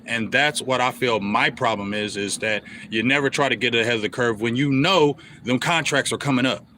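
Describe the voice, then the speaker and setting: A man with a bright, forceful voice rants in fan commentary, repeating his points and pushing back hard. His pitch sits in a middle range for a man. Faint noise hums under the recording. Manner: heated, repetitive, talks straight at the team bosses. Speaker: sports show host.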